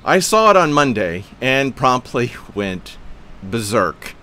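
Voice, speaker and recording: A man hosting a Christian podcast reads aloud a rant he wrote, adding asides along the way. He sounds emphatic and preachy, with a pushed, bright medium-pitched voice that swings widely in pitch, and he is quick to laugh at himself.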